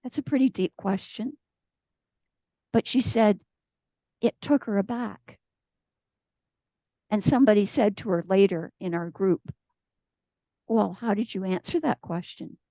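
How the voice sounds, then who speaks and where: A woman's voice: medium pitch, unhurried, long pauses, warm tone, no echo. Woman giving a storytelling sermon. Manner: storytelling, acts out quoted voices. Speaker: guest speaker. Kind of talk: conversational sermon.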